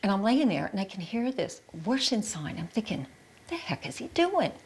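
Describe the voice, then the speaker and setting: A middle-aged woman from Canada giving a halting interview testimony, repeating words and quoting her own thoughts. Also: medium pitch, sing-song, husky. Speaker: interviewee recounting her experience.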